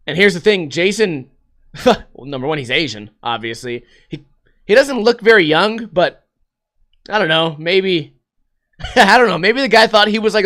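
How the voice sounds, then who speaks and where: A man's voice: fairly high pitch, pushed and bright. A man hosting a casual solo podcast, rambling and swearing a lot and laughing often. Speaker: podcast host.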